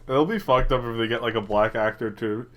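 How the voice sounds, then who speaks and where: A man's voice: mid-range voice, fairly quick, a bit bright. A man co-hosting a podcast in casual chat, giggly and teasing, laughing a lot. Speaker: podcast co-host.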